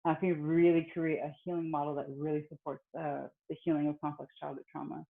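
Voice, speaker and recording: A woman's voice: deep voice, level tone, fast, vocal fry. A woman presenting her dissertation defense as a doctoral candidate, earnest and reflective. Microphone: video call. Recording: tinny video call line.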